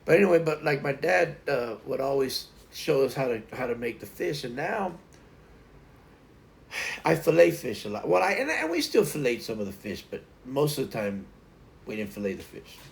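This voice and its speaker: This middle-aged man's mid-range voice is sing-song, with vocal fry and a moderate pace. As a livestream host he chats casually to viewers, rambling with lots of repeated words and fillers.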